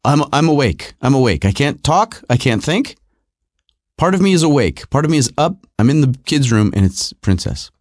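Lively man telling a personal story. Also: medium pitch, moderate pace, dry recording, studio quality. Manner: animated, repetitive, self-mocking.

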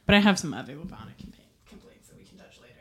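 A woman's voice: low-pitched, animated, rapid-fire, breathy edge. A young woman hosting a podcast into a microphone, chatting casually about a book, laughing often and mockingly voicing characters. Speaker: podcast host. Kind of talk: casual book discussion chat.

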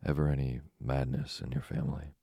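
Man doing old doctor, mumbling, unruffled, husky, dry close sound. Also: a bass voice, flat delivery, brisk, dark tone, dry recording, heavily acted. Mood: dry, probing. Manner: mumbling, matter-of-fact, imperturbable. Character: eccentric old male French doctor, calm, probing. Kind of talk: audiobook reading.

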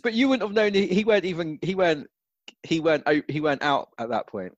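A young man co-hosting a podcast, chatting casually with quick reactions and slangy banter. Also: a little high, animated, dry recording, highs cut off. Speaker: podcast co-host. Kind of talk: casual chat.

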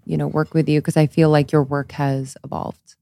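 A woman's voice: deep voice, level tone, moderate pace, gravelly, mellow. A woman co-hosting a podcast, asking questions in an encouraging, casual way. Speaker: podcast co-host.

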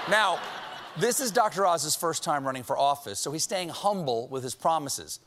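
Late night host guy, kinda high voice, snappy sarcastic monologue jokes, faint hiss in the background. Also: animated, normal speed, fairly bright tone. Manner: punchy joke delivery with sarcastic asides. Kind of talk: comedic monologue. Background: studio audience laughing.

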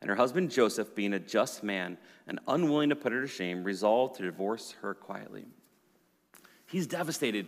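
A male pastor preaching a sermon in a conversational, storytelling way, swinging from loud to hushed. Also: medium pitch. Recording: long hall reverb.

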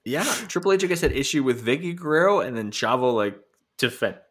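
A man's voice: mid-range voice, animated, brisk, a bit bright, breathy edge. A man co-hosting a podcast, recapping in a playful, storytelling way. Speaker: podcast co-host. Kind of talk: casual recap chat.

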